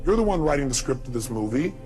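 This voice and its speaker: A man giving a motivational speech to an audience, firing rhetorical questions and swinging from loud bursts to low, intimate asides. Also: sing-song, quick pace. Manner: emphatic, rhetorical questions to the crowd. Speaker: motivational speaker. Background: music bed.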